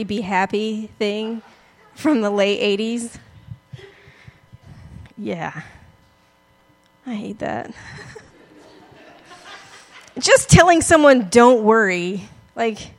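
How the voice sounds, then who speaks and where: A woman pastor giving a conversational, self-deprecating sermon, often laughing as she talks. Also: a little high.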